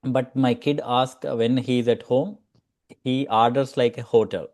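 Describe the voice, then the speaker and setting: A man's voice: mid-range voice, steady tone, a little slow, a little mellow. Hesitant Indian-accented father on a call. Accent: Indian English. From Hyderabad, India. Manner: hesitant, many fillers. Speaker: parent asking a question. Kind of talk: casual question on a call. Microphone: video call.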